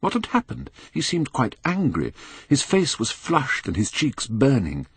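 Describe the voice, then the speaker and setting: An older man reading a classic novel aloud in measured, expressive storytelling. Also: medium pitch, creaky, husky. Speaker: audiobook narrator. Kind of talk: scripted narration.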